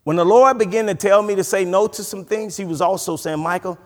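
Guy preaching a sermon, high voice swinging all over, long hall echo. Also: brisk. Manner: animated preaching with frequent stammered restarts. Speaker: pastor. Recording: long reverb from a large hall.

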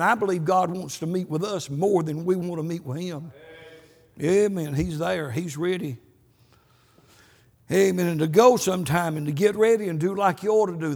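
Gravelly preacher in an echoing church. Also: male voice, high voice, a little mellow. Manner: folksy storytelling, repeated amens. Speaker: pastor. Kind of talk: sermon.

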